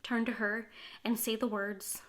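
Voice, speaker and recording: A woman's voice: fairly high pitch, little pitch movement, unhurried, fairly bright tone. A woman sharing a personal story to camera in a candid, heartfelt way. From California, USA. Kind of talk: earnest first-person testimony to camera.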